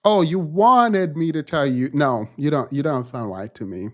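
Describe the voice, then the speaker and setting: A man's voice: on the high side, animated, moderate pace, a bit bright, highs cut off. A man hosting a casual live-stream commentary, telling stories with animation and mimicking others in a raised voice. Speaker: channel host.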